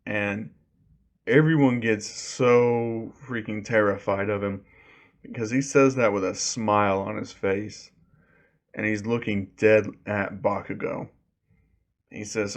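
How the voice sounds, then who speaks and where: A man's voice: fairly low pitch, steady tone, measured pace. A man casually retelling a fan story, rambling with lots of fillers.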